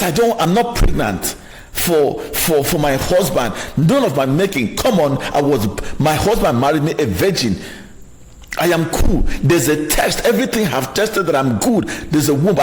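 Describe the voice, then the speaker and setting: A man's voice: a little high, reverberant, pitched above the performer's own voice. A man voicing a young married woman who pleads indignantly with her in-law.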